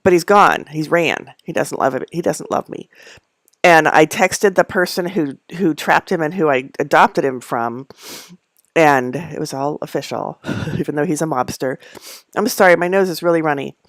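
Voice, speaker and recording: A woman's voice: low-pitched, normal speed, dry recording, studio quality. A middle-aged woman hosting a casual live stream from her home, rambling through asides and laughing often. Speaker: host of a live knitting stream. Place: at home among packed belongings.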